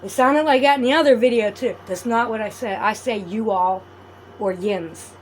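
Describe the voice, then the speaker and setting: A woman's voice: on the high side, brisk, slight background noise. A woman chatting casually to her viewers while crafting at home, rambling and friendly. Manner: rambling, chatty, talks to viewers warmly as "adorables". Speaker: vlogger.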